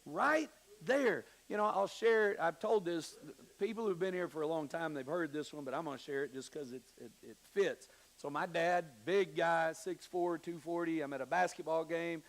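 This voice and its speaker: Gravelly high-voiced preaching man. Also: moderate pace, poor audio. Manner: preaches with wide swings from hushed to emphatic; storytelling with quoted voices. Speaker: pastor. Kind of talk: sermon. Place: church sanctuary.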